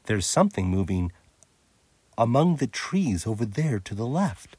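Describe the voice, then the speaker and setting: A man voicing a sensible older girl who talks with a hushed, worried urgency. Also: medium pitch, very animated, a little slow, slightly rough, dry recording, pitched above the performer's own voice. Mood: uneasy.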